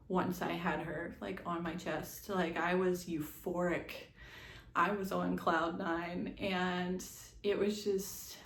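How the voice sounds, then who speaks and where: A young adult woman telling her own birth story in a chatty, animated way, with many quick asides and laughs. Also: lowish voice, creaky, a little hiss or hum. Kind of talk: casual storytelling to camera. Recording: echoey room.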